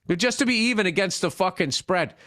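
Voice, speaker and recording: Animated, high-voiced male podcast storyteller. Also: fast. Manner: animated storyteller, swears, acts out quotes. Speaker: podcast co-host. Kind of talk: casual podcast chat.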